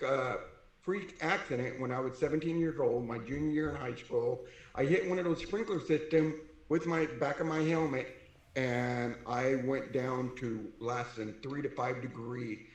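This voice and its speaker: A middle-aged man from California telling his life story in a lively way, acting out the voices of people he quotes. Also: medium pitch. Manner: animated, acts out quoted voices. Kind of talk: personal storytelling. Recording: echoey room.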